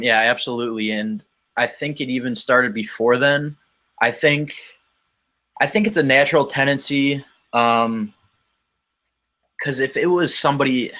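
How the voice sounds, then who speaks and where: A man's voice: mid-range voice, sharp tone. A man talking as a guest on a podcast, telling a casual story in a rambling way with frequent ums and restarts.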